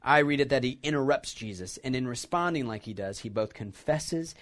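Guy preaching a sermon, mid-pitch voice, thoughtful and storytelling-ish. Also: brisk, fairly bright tone. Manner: reflective, retells scripture as a story. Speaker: pastor.

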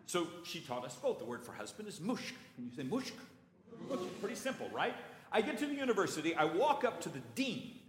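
A man from California preaching a sermon as a playful, animated storyteller. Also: high-pitched, a little fast. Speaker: pastor. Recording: echoey church hall.

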